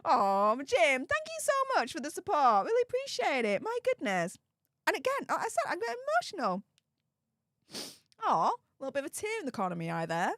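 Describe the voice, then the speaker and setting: A woman's voice: sits high, huge pitch swings, fairly quick, fairly bright tone, dry recording, studio quality. A woman hosting a live stream, reading out super chats and thanking viewers over and over in a bubbly way. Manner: bubbly, repeats thanks many times.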